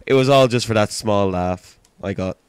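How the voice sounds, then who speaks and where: A man's voice: on the low side, moderate pace, clear, resonant tone, no echo. A British man co-hosting a podcast in casual chat, playful and teasing. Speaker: podcast co-host.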